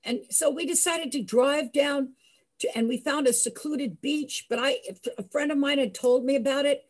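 An older woman telling a personal story in a lively way, acting out the voices of the people in it. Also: high voice, moderate pace. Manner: lively, acts out voices, laughs. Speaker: storyteller host.

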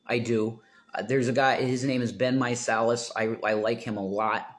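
A middle-aged man talking in a rambling, casual monologue, trailing into mumbles and then rising into loud exasperation. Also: medium pitch, steady tone, normal speed. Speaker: political commentator.

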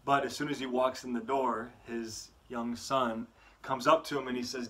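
A man, a youth motivational speaker, giving a weekly faith talk to students with animated, earnest storytelling. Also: mid-range voice, normal speed.

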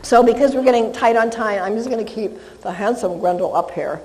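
An animated woman dog trainer talks a class through handling reactive dogs, her voice sitting slightly high. She is casual and chatty, and the sound carries a long hall reverb. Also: brisk, a little hiss or hum. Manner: chatty, animated, praises the dog in a soft coo. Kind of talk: live class instruction.

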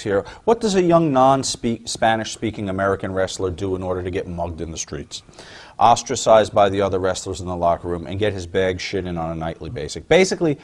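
A man's voice: sits low, darkish tone. Wry man reading fan questions. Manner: wry, teasing. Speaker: interviewer host.

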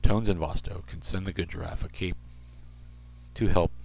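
A man hosting an internet radio show, reading odd news stories in a rambling way and slipping into soft asides. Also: sits low, fairly even intonation, moderate pace, creaky.

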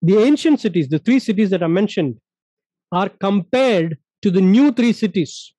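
A man from India teaches a Bible study in a high, mellow voice, pressing each point home and repeating verses. The sound is dry and close. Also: animated, moderate pace, no room sound, low-quality recording.

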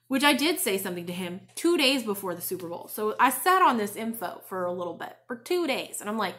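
A woman's voice: medium pitch, sing-song, quick pace, hardly any pauses, a bit bright. A woman hosting a crafting podcast from home, telling a story in a chatty, casual way. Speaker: crochet and knitting podcast host. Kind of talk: casual chat. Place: home, in front of a bookshelf.

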